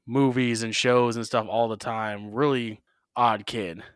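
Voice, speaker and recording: A man's voice: mid-range voice, steady tone, measured pace, no room sound, clean studio sound. A man co-hosting a podcast, telling rambling stories in a casual chat and swearing freely. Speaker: podcast co-host.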